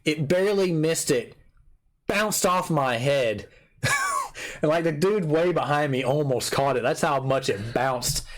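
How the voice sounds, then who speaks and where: A man's voice: fairly high pitch, measured pace. Laughing man telling stories. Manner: animated storyteller, laughs often, acts out his own quotes. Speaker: podcast host. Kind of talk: casual chat.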